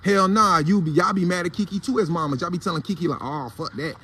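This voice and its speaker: A man's voice: sits high, quick pace, sharp tone, husky. A man with an African American Vernacular English accent hosting a casual morning commentary, blunt, heated and profane in a preachy way. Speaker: host of a morning commentary show.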